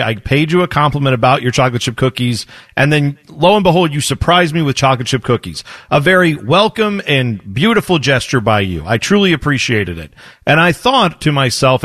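A man's voice: mid-range voice, fast talker, no room sound. Wry male radio co-host, dry studio sound. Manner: expressive, wry storyteller. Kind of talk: casual chat.

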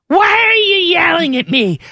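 A touchy, defensive wife comes through in a high, whining voice as a man mimics her. The pitch leaps around a lot, and the tone is bright and piercing. It is a mocking impression, set in a dry studio. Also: very animated, normal speed, no echo, heavily acted. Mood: whiny.

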